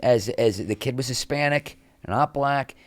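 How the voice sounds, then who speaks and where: A man's voice: medium pitch, unhurried, no echo. A middle-aged man, an actor, telling candid behind-the-scenes stories as a podcast guest and acting out what others said. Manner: animated, acts out quotes from others. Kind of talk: candid storytelling interview.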